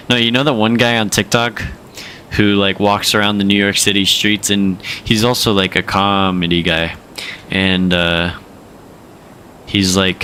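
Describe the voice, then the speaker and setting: A man's voice: lowish voice, bright, forceful tone, slight background noise. A young man streaming a flight sim, chatting casually in slang and joking with viewers. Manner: slangy, joking, drops into put-on accents. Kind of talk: casual livestream chat.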